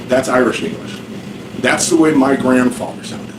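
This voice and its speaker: A man's voice: fairly high pitch, normal speed. Man teaching class in an echoey room. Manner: rambling, conversational, asks the class questions. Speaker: ESL teacher. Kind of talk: classroom lecture. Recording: echoey room, distant mic, noisy.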